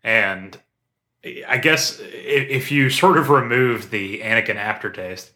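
A man's voice: lowish voice, a little slow, pushed and bright. A man co-hosting a podcast, chatting casually and enthusiastically with plenty of fillers and restarts. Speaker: podcast co-host. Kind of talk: casual chat.

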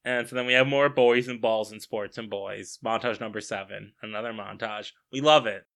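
A co-host walking through a film's plot in casual, joking chat. The voice sits in a middle pitch and sounds bright and clear. The humor comes out dry and wry, with mock-formal asides. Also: moderate pace. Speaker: podcast co-host. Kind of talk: casual comedic film recap chat.

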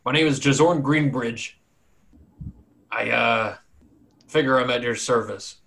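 A burly, bearded swamp warden with a standoffish, blunt and folksy way of talking, as a man puts him on. He keeps strangers at arm's length. He speaks at an ordinary pitch, in a plain tabletop-game voice. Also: unhurried, creaky, a bit bright. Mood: wary.

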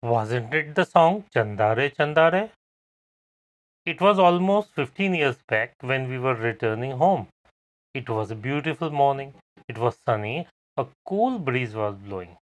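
Man, podcast storyteller, calm, unhurried, personal anecdote. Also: medium pitch. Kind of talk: recounting a personal memory.

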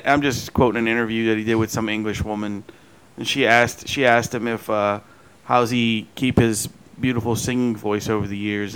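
A man's voice: mid-range voice, fairly bright tone, slight background noise, poor audio. A man hosting a podcast, joking crudely and laughing in casual chat with friends. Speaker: podcast host.

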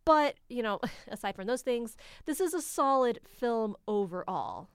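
American woman, film review co-host, smooth voice, dry sound. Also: a little high, lively intonation, unhurried, no room sound. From United States. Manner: opinionated, laughs often. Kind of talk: casual film review chat.

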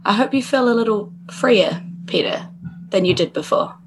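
A woman voicing a kind, spirited young woman adventurer who speaks gently and encouragingly, with a playful edge. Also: medium pitch, lively intonation, normal speed, slight background noise, lightly acted, poor audio. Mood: gentle.

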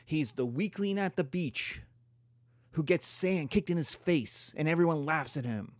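A man's voice: a little high, lively intonation, measured pace, dry recording, clean studio sound. A man giving a playful history lecture, acting out countries in silly voices.

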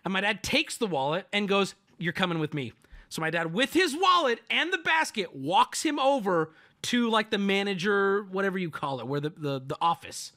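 A man's voice: high-pitched, moderate pace, few pauses. A man telling a family story on his stream in a casual, profane, joking way. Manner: animated, profane, jokey.

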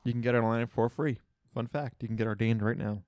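A young man in loose banter, his voice sitting in an average pitch range. He talks quickly with jokes and casual swearing. The recording is dry and close, with no room sound around him. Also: fairly even intonation, a little mellow, dry recording. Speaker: podcast co-host. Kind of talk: casual chat.

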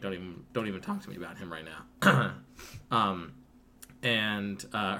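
A man's voice: lowish voice, bright, forceful tone, a little hiss or hum. A man casually retelling a film to a friend, rambling with lots of fillers and profanity. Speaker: podcast co-host recapping a film. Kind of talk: casual retelling with acted quotes.

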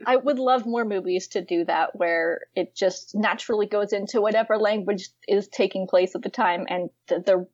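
A young woman in casual chat about books and films, lively and giggly, full of fillers. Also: medium pitch, normal speed, few pauses, dry recording, lo-fi sound.

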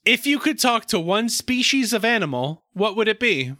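Man, podcast co-host, casual chat, playful mock-formal manner, very bright tone, high pitch. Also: sing-song, normal speed, no room sound, studio quality.

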